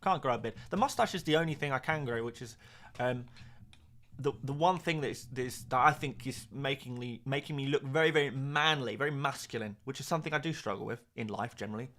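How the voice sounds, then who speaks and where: A man's voice: mid-range voice, fast talker, a bit bright. A young man chatting casually on a live stream, reading out viewer comments in a self-mocking, rambling way. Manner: chatty, self-mocking, repeats words and restarts. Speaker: fantasy football streamer.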